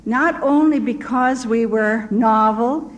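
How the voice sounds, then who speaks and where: A woman's voice: a little high, slow, rough recording. An older woman, a missionary, telling her story in an earnest, vivid way. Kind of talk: storytelling testimony.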